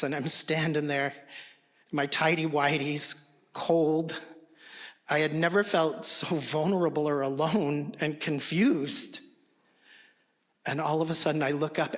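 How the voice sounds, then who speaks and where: A man telling a personal story on stage, in a slow, hushed and halting way. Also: on the high side.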